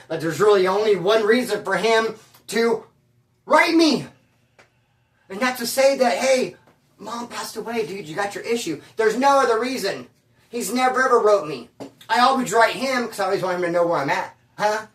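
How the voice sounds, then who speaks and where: A man's voice: sits high, expressive, moderate pace, fairly bright tone, far from the mic. Man, ex-con storyteller, streetwise and slangy, recorded a bit off-mic in an echoey room. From California. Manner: slangy, streetwise, peppers talk with bro and dude. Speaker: former prisoner telling stories. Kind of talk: casual storytelling monologue.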